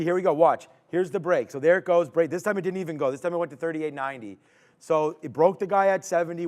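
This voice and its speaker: Smooth-voiced man calling live trades. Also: a little high. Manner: restless, urging the price on, rising to excited shouts. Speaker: stock trading stream host. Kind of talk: live trading commentary.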